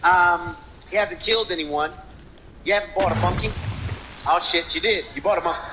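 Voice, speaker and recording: Brief: man impersonating a yelling, foul-mouthed roast comic, very high and bouncy, buried in heavy noise. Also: normal speed, lightly acted. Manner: brash, shouting, profane roast delivery. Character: impression of a loud male celebrity comedian roasting. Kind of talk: stand-up roast impression. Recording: loud background noise.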